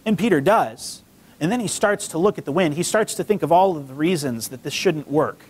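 Casual high-voiced man preaching. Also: brisk, breathy edge. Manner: conversational, acts out quotes with lively pitch. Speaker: pastor. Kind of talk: casual sermon with scripture reading. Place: church sanctuary.

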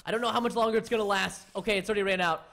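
A young man commentating his game for viewers, excitable and jokey, talking straight to his audience. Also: high voice, very fast, gravelly. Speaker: gaming YouTuber. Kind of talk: Let's Play commentary.

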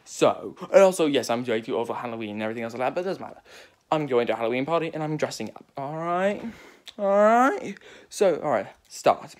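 A man hosts a casual vlog in a put-on British accent. He rambles and pokes fun at himself, and his mid-pitched voice swings up and down with lively intonation. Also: quick pace. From not Britain. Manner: chatty, rambling, self-deprecating. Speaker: video host.

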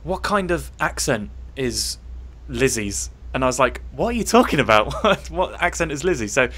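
A man co-hosting a live stream chat, telling stories in an animated way and laughing at himself. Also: medium pitch, normal speed. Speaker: co-host.

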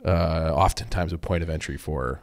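Deep-voiced easygoing young man. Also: steady tone, normal speed. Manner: easygoing, conversational, frequent "like" and backchannels. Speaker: podcast co-host. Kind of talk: casual podcast chat.

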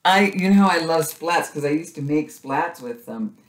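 A middle-aged woman chatting casually as she unboxes craft supplies, gushing excitedly with little gasps and cries of delight. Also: sits low, moderate pace. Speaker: craft vlogger unboxing a subscription box. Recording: echoey room with faint noise.

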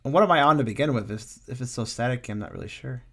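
A man's voice: medium pitch, expressive, racing, a bit bright. A man streaming a game, chatting casually, joking and swearing freely, often trailing off into mumbles. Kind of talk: casual let's-play chat.

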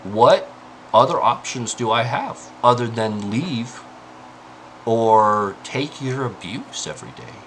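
A man delivers an angry personal rant, exasperated and profane, at times pleading. He speaks slowly and with emphasis, and his pitch swings widely. His voice has a bright, sharp edge over faint background noise. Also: very animated, rough recording. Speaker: indie game developer and content creator.

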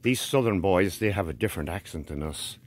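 A man's voice: sits low, lively intonation, a little fast. An Irish man chatting in a casual, joking way while walking through a forest for his vlog. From Ireland. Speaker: vlogger. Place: outdoors in a forest.

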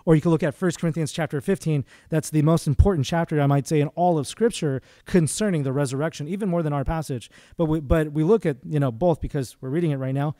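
A man's voice: on the high side, fast, few pauses, warm tone, dry recording, studio quality. A man preaching a sermon as a guest speaker in a church, talking conversationally with frequent fillers and restarts.

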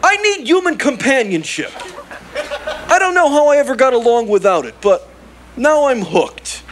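A man voicing a needy, wisecracking furry male alien in a sitcom, whining and pleading with quick comebacks. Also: extremely high pitch, big pitch swings, a little hiss or hum. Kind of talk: 1980s sitcom acting. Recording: studio audience laughter track.

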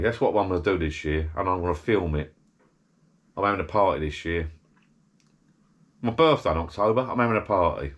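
A deep-voiced man chats loosely in his backyard garden bar shed. He rambles and drifts from one tangent to the next in a relaxed, everyday way. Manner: rambling, digressive, chatty. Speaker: vlogger. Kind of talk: casual rambling chat.

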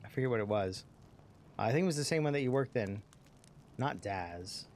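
A let's play streamer casually narrates his game, cursing freely and rambling between jokes while slipping into character voices. His voice sits at medium pitch, animated and a little mellow, at a moderate pace, with slight background noise.

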